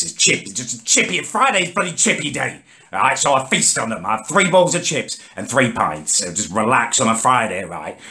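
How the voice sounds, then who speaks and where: A man's voice: medium pitch, creaky, bright, forceful tone. A man, ranting indignantly in a comedic monologue. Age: 30s. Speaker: comedic vlogger. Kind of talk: comedic rant to camera.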